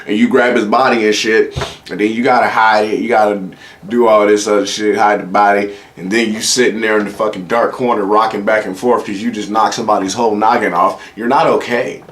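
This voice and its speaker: A man's voice: lowish voice, little pitch movement, a little fast, fairly bright tone. A man hosting a casual solo comedy show, rambling and profane, talking straight to his audience. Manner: rambling, profane, acts out quoted voices. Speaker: comedy podcast host. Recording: echoey room with faint ambient noise.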